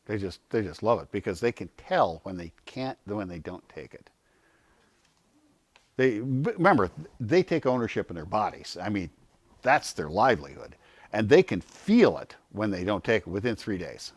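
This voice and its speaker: A man with a somewhat low voice gives an informal health talk, his pitch rising and falling a lot as he tells stories. He asks himself questions and answers them. The sound is dry and close. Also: normal speed, breathy edge, no echo. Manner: animated storyteller, acts out quotes in a raised voice.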